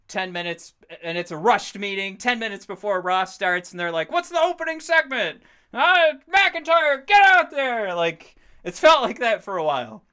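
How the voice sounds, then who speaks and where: A man in his thirties co-hosting a podcast in casual chat, excitable and rambling, swearing freely as he talks. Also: high voice, clean tone. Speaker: podcast co-host.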